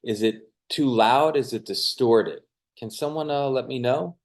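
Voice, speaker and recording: A man co-hosting a webinar, giving relaxed, loosely rambling advice over a video call with a clip-on mic. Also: mid-range voice, a little slow. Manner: relaxed, rambling, hesitant with fillers. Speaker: co-host, media coach. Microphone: lavalier on a video call.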